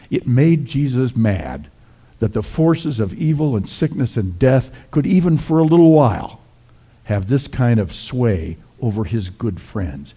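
A middle-aged male pastor tells a scripture story in a folksy, conversational way, like a sermon shared with friends. His voice sits low and mellow, with a husky, slightly worn grain.

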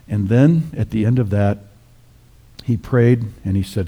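Husky, mellow-voiced male preacher. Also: lowish voice, steady tone, moderate pace. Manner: folksy, conversational storytelling. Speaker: pastor. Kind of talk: sermon.

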